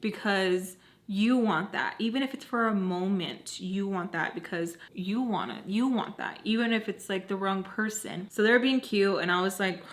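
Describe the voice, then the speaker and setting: A woman's voice: medium pitch, moderate pace. A young woman vlogger telling a casual storytime, chatty and full of "like", acting out what others said. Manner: chatty, heavy use of "like", acts out quotes. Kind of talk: casual storytime while doing makeup.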